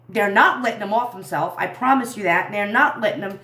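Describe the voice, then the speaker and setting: A woman's voice: mid-range voice, a little fast, bright, forceful tone. A woman in her thirties rants to her livestream viewers, indignant and rambling, her voice sitting in the middle of the usual range. The room around her is echoey and gives her voice a hollow ring. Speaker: livestream commentary host. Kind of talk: casual livestream commentary.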